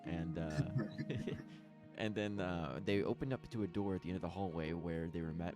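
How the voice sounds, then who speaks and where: Deep-voiced game master narrating a tabletop scene, casual, filler-heavy. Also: male voice, moderate pace, music in the background. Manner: descriptive scene-setting with frequent fillers.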